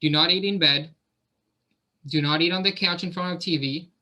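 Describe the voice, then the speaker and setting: A man coaching a group over a video call, his voice very bright and a little higher than most men's. He keeps it encouraging and conversational, inviting others to speak. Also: normal speed. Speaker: fitness coach.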